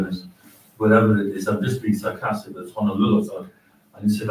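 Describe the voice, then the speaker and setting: Man councillor pushing his point hard, lowish voice, echoey room, hum behind. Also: steady tone, a little fast, darkish tone. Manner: emphatic, argumentative. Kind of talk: council meeting debate. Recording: echoey chamber, distant mic, background hum.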